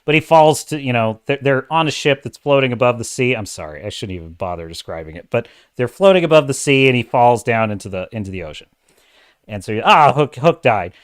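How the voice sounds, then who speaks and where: Male livestream host, casual movie rant, sarcastic and animated. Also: mid-range voice, a little fast, clear, resonant tone. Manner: sarcastic, animated, swears, interrupts himself. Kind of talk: casual ranting movie review.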